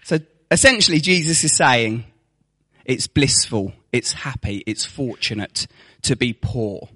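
Animated preacher man. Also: medium pitch, measured pace. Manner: animated, mocking asides, rhetorical questions. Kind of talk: sermon.

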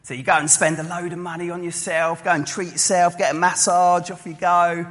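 Bright-voiced man preaching in a hall. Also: high voice, flat delivery, brisk. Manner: storytelling, acting out voices of listeners. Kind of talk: sermon. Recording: long hall reverb.

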